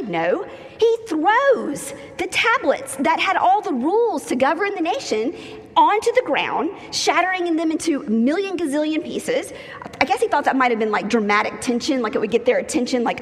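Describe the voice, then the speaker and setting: High-voiced woman preaching in an echoey hall. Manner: lively, humorous storytelling with acted-out quotes. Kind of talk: sermon. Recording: long hall reverb.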